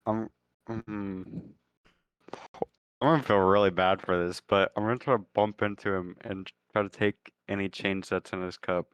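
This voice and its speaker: A man's voice: deep voice, fairly even intonation, normal speed, clear, resonant tone, no echo, rough recording. A man playing a tabletop game, casual and joking. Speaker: player.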